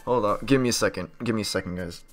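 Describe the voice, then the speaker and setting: A man streaming a game live, reacting loudly with a lot of swearing and nervous outbursts. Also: fairly low pitch, fast, soft background music. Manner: loud, profane, jumpy reactions. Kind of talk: live gameplay commentary.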